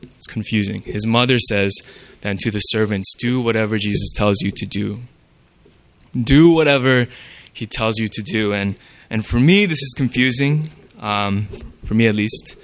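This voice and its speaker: A man's voice: on the low side, moderate pace. A man preaching a sermon in a conversational way, often checking in with "right?".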